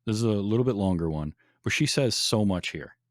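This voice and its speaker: A man's voice: lowish voice, expressive, a little fast, dry recording, studio quality. A man hosting a podcast in casual chat, enthusiastic, laughing often and restarting his sentences. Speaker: podcast host.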